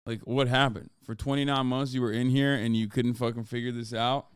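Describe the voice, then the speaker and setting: A man's voice: medium pitch, fairly even intonation, brisk, clean tone, no echo, clean studio sound. A man livestreaming and chatting casually. He sounds exasperated, swears often and reads chat comments aloud. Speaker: livestreamer selling merch.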